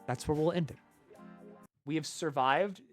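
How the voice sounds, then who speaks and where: A man's voice: on the high side, unhurried, faint music behind. A man streaming a colony game live, chatting casually with his viewers, answering their questions and swearing freely. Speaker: gaming streamer.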